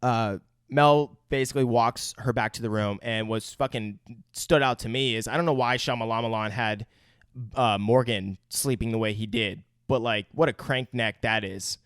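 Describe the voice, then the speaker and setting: A young man on a podcast, walking through a film's scenes in loose, profane casual talk. His voice is smooth and resonant, recorded dry and close with no room sound. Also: mid-range voice, normal speed, fairly bright tone, no room sound. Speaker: podcast co-host. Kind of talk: casual movie-review chat.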